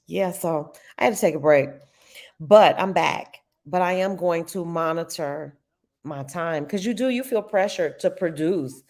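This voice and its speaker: A woman's voice: fairly low pitch, a little slow. A middle-aged woman hosting a live trading stream, chatting casually and expressively with her viewers. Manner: chatty and expressive, talks to chat as y'all.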